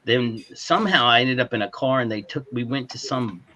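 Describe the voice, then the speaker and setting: A man chatting casually with friends in an online hangout, relaxed and easygoing. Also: mid-range voice, brisk, lo-fi sound, a little hiss or hum. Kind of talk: casual group chat.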